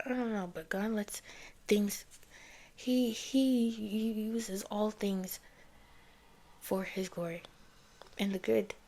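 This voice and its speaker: A woman's voice: mid-range voice, steady tone, slow pace, long pauses, a little mellow. Rambling young woman telling her story. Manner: rambling, many fillers like "like" and "you know". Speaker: vlogger sharing her faith story. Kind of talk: casual personal testimony.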